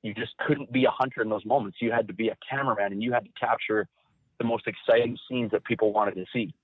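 A man recounting hunting stories as an interview guest, animated and acting out quotes in a raised voice. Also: fairly low pitch, quick pace, breathy edge, no echo. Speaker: guest, former hunting cameraman. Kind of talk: storytelling interview. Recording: dry, phone-like narrow sound.

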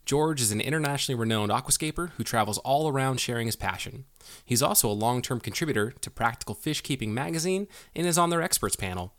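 A man's voice: medium pitch, quick pace, dry recording. Man, podcast host, casual joking interview chat, dry close sound. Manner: jokey, animated, lots of fillers and restarts.

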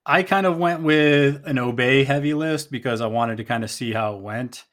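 A man's voice: mid-range voice, normal speed, a bit bright. A man co-hosting a podcast, casually asking questions and listing game pieces in an easygoing way. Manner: easygoing, asks questions, lists items. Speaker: podcast co-host. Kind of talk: casual game recap chat.

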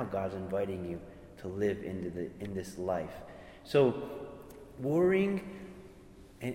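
In an echoey hall with a long reverb, a man with a lowish, darkish voice preaches a sermon earnestly, with slight background noise audible. He repeats words often and acts out what imagined speakers might say.

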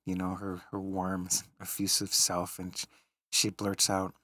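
A man's voice: low-pitched, monotone, unhurried, pushed and bright, no room sound. A middle-aged man hosting a podcast, telling a personal story in a reflective, tender way. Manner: reflective, tender storytelling, laughing at funny moments. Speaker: podcast host. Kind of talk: storytelling in casual conversation.

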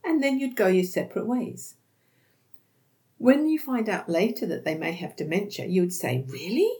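A woman hosting an educational podcast on dementia care, explaining calmly and acting out sample dialogues. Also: medium pitch, normal speed.

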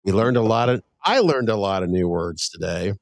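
A man's voice: lowish voice, sing-song, moderate pace, dry recording, studio quality. A middle-aged man hosting a podcast, chatting casually and swearing now and then, then reading the show's outro plug. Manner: laid-back, swears, reads outro plug. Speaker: podcast host. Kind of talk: casual chat.

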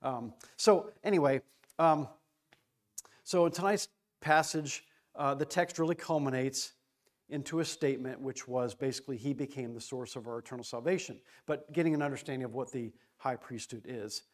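A man leading an informal Bible study, talking excitedly, restarting phrases and stressing key words. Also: mid-range voice, normal speed.

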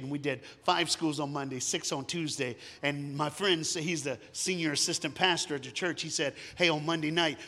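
A male preacher telling a story to his congregation, his voice bright and forceful and pitched a little high. He drops to hushed tones and then bursts into sung lines. The sound trails off in a long, reverberant hall. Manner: dramatic, swings from hushed to loud, sings song lines. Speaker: guest preacher. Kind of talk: storytelling sermon.

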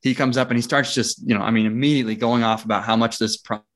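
A man, a guest in a casual interview, telling a story in a lively way, acting out the dialogue and laughing often. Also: mid-range voice, fast. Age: adult with young children. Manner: frequent fillers and restarts. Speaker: interview guest, property investor.

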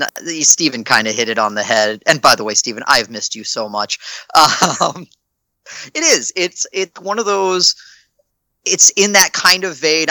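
Male podcast panelist, chatty and laughing, lively bright delivery. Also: mid-range voice, dry recording. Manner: chatty, laughs often, frequent restarts. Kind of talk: casual panel chat.

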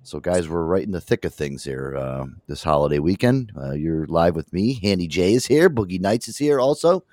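A man's voice: deep voice, lively intonation, normal speed, darkish tone, dry recording, clean studio sound. A man hosting a radio show, telling a story casually and swearing constantly.

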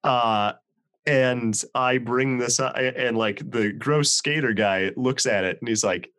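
A man's voice: medium pitch, unhurried. A man in his thirties, a podcast producer, telling a story in a casual video-call chat and acting out the people in it. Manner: animated, acts out the people in his stories. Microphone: video call mic.

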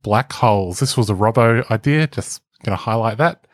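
A man's voice: lowish voice, normal speed, no echo, studio quality. A man, co-hosting a casual podcast, explaining things in a joking, rambling way. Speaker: podcast co-host. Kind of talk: casual chat.

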